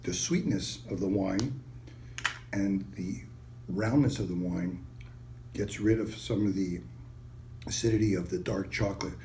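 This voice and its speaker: A man presenting a wine and cheese tasting, enthusiastic and casual in a sales-pitch manner. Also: a little slow, pauses often, warm tone, slight background noise. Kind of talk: product tasting demonstration.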